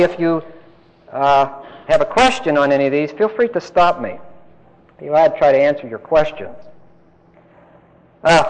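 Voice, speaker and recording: A man lecturing on scripture with emphasis, stopping to quiz his listeners. His voice sits a little high for a man, and a long reverb trails each phrase. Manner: emphatic, asks the class questions. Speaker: Bible teacher. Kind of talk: Bible teaching lecture.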